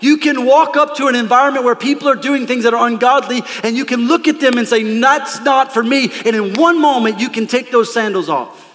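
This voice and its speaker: A man preaching a lively, conversational sermon from a church stage, calling out to the congregation. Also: extremely high pitch, a little fast, big-room sound. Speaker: pastor. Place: church sanctuary.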